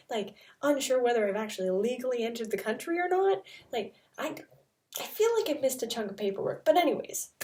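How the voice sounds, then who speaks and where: A woman's voice: on the high side, expressive, normal speed, a little mellow, far from the mic. A young woman from Canada, telling a travel story in a casual, chatty way full of "like" fillers. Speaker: vlogger.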